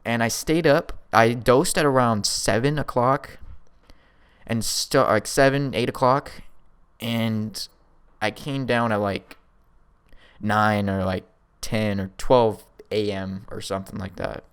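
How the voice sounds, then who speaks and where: A man's voice: mid-range voice, steady tone, slow pace, clean tone. A young man in his late teens casually telling a personal story to his viewers, laid-back and slangy with lots of fillers. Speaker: vlogger.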